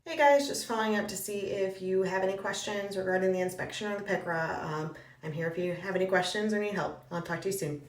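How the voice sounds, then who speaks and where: A woman real estate broker acting out a comedic reenactment of her phone calls, talking in a brisk, polite, businesslike way. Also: mid-range voice, echoey room, recorded from a distance.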